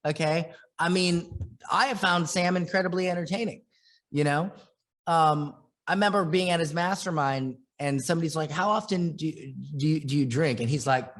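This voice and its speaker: A man coaching online marketers in a motivational training talk, his voice sitting a bit high for a man. He's blunt and swears freely, firing off restless bursts with quick restarts. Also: a bit bright. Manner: blunt, profane and fired-up.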